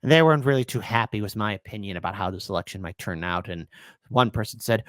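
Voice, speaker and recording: A man's voice: medium pitch, fast, no room sound, clean studio sound. A man hosting a live political commentary stream, sarcastic and talking to his chat. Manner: sarcastic, animated, talks to chat.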